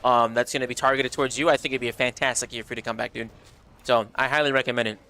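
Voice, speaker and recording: Bright, animated young male streamer. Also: medium pitch, rapid-fire, clean tone. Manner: animated, slangy, reads chat aloud. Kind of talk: casual livestream chat.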